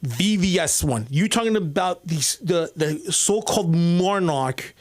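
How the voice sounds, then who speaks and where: Man, stand-up storyteller, rambling, filler-heavy, a bit high-pitched. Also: animated, unhurried. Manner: rambling, many restarts and fillers. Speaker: open mic comic.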